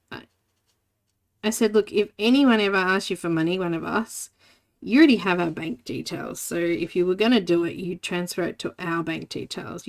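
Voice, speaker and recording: A woman hosting a live coloring stream, chatting casually and telling stories with frequent laughs. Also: on the low side. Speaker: livestream host. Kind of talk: casual chat while coloring.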